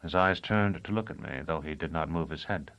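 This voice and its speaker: A man narrating a novel in the first person, telling the story in an even, deliberate way. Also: rumbling low, muffled recording. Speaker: audiobook narrator.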